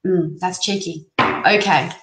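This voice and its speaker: A woman hosting a casual live-stream tarot reading, chatty and excitable as she reads out viewer comments. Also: on the low side, takes it slowly. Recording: echoey room, faint background noise.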